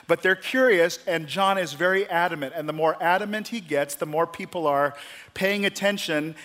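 A male pastor preaching a sermon, telling the story with lively, acted-out quotes. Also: fairly high pitch, brisk. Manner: animated storytelling, acting out voices in quotes.

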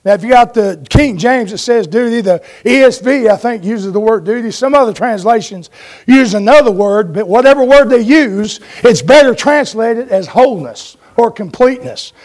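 A man's voice: very high voice, animated, normal speed, darkish tone. A man preaching a sermon in a folksy way, telling stories and asking his congregation for an amen.

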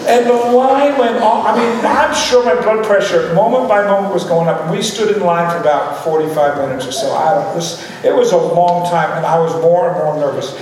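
A man's voice: sits high, normal speed, few pauses. A man preaching a sermon, telling a funny personal story with lots of laughter. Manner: humorous storytelling, often laughing. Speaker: pastor. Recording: echoey hall from far off, with room noise.

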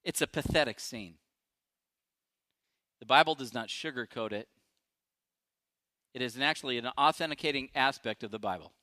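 A male pastor preaching a sermon, emphatic and dramatic, swinging from loud declarations to hushed asides. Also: mid-range voice, normal speed, long pauses, dry recording, studio quality.

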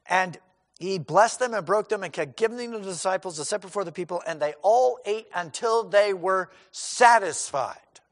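A man's voice: high voice, moderate pace, long reverb tail. A man preaching a sermon in a conversational, folksy way, acting out scenes with quoted voices and many asides. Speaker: pastor.

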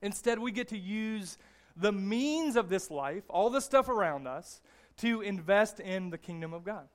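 A man preaching a sermon with a fairly high voice for a man, talking in a loose, conversational way. He restarts his phrases often and keeps checking in with the congregation. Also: animated, a little slow. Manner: conversational, restarts often, frequent "all right?" tags. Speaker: pastor.

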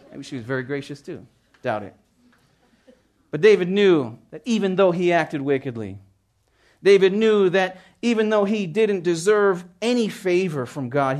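A man preaching a sermon as pastor, earnest and emphatic, reading scripture in a pleading tone. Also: on the high side.

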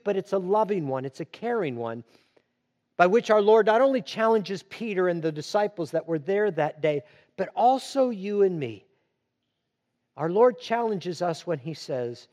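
A man preaching a sermon, slow and emphatic, repeating phrases for weight. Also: high voice, lively intonation, a little mellow. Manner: slow and emphatic, with dramatic repetition.

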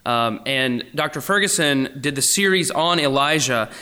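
A young man preaching a sermon, going from emphatic, raised passages down to hushed, almost whispered lines. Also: medium pitch, expressive, normal speed, clean tone. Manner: swings between emphatic and hushed, near-whispered asides. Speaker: pastor.

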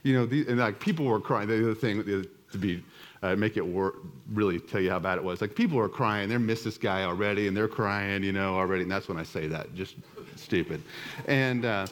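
A man's voice: on the low side, brisk. Middle-aged man teaching with self-deprecating storytelling. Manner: self-deprecating, rambling with many restarts. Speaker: church teacher. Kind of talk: conversational teaching with personal story.

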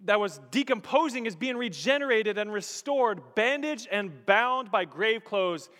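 A male pastor preaching a sermon with dramatic storytelling, dropping low and quiet, then swelling loud. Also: lively intonation, a little slow. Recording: long reverb of a large hall.

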